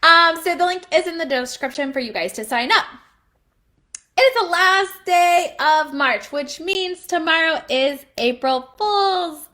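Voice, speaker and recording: A woman in her thirties chatting casually to the camera as a mom vlogger, animated and laughing as she tells family stories. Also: extremely high pitch, unhurried.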